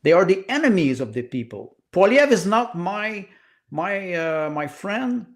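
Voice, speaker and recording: A man's voice: sits high, very animated, unhurried. A Canadian man and writer, arguing politics in a podcast panel in an impassioned, emphatic way, repeating points for force.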